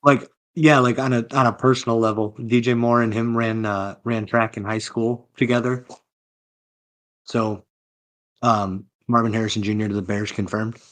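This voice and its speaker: A man's voice: on the low side, flat delivery, moderate pace, a bit bright. A man co-hosting a casual sports podcast, chiming in with jokes and gossip. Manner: joking, chiming in. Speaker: podcast co-host.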